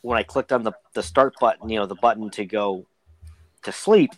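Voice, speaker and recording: Dude joking around on a podcast, rambles and restarts a lot, dry mic. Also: male voice, on the low side, moderate pace, dry recording, low-quality recording. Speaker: podcast co-host. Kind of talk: casual banter among friends.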